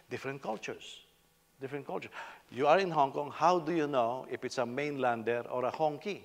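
Filipino man, pastor, chatty joking sermon, slightly high voice, long hall reverb. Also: normal speed, creaky. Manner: humorous, conversational preaching. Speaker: senior pastor.

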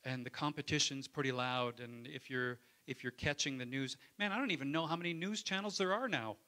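A pastor delivers a Sunday sermon in church, his mid-range voice bright and forward. He moves a little fast and keeps things conversational, calling on the congregation for an amen.

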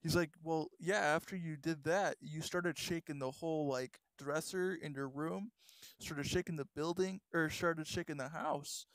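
Young guy, casual vlog storyteller, rambly with lots of fillers; clean, smooth voice, dry close sound. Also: on the high side, steady tone, a little slow, fairly bright tone, no room sound. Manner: rambling, many fillers and restarts. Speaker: vlogger.

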